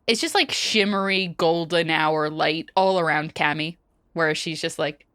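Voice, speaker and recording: A woman's voice: deep voice, a little slow, fairly bright tone, no echo, clean studio sound. A woman player in a tabletop game, chatty and explaining her moves in detail.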